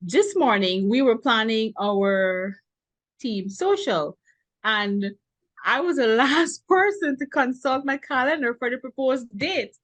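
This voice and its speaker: A woman from Guyana, a business owner answering interview questions in a frank, animated way, often stressing her words. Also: fairly high pitch, slow, no room sound. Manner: animated and frank, laughing now and then, stressing key words. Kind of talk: earnest conversational interview answers.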